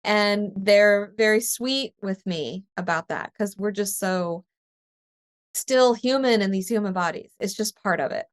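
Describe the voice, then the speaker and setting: A woman speaking as a spiritual medium in a casual conversation, telling lively stories and laughing often. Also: mid-range voice, measured pace. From East Tennessee. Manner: animated storytelling with laughter, acts out her own past voice.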